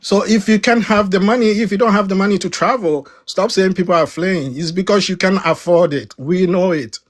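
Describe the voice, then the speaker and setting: Emphatic African man debating, higher voice. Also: brisk. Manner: emphatic, repeats words when cutting in, rising pitch on key points. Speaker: debate panelist. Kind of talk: heated panel debate.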